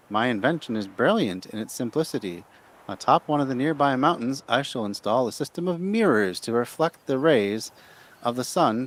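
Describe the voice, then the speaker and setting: Guy doing a bratty whiny young inventor voice, pompous, pitched up. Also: close to an everyday voice. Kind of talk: reading a note aloud in character.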